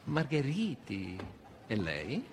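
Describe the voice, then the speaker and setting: A man's voice: mid-range voice, wildly swooping pitch, slow, faint music behind, heavily acted. An actor playing a suave, menacing male Nazi officer in film dialogue, speaking in an elaborate, polished, teasing way. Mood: mock polite.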